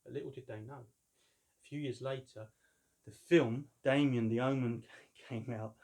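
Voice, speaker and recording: A man of about fifty, chatting casually and telling jokey stories as he unboxes a collectible. His voice sits at a plain mid pitch, and he rambles with easy humour. The sound comes from a camera mic indoors at home. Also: steady tone, unhurried, darkish tone, slight background noise. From London, England. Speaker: collector reviewing a figure.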